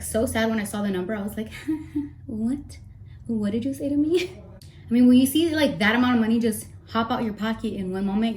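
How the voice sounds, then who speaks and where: A woman's voice: mid-range voice, darkish tone. A young woman chatting casually while doing her makeup, a little out of breath, rambling with playful asides. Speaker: makeup vlogger. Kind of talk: casual get-ready-with-me chat.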